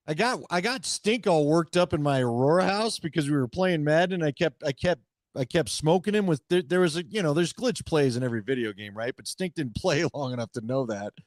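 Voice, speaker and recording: A man's voice: fairly high pitch, dry recording, clean studio sound. A man co-hosting a casual sports talk show, teasing his partner and telling jokey stories. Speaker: co-host. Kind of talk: casual chat.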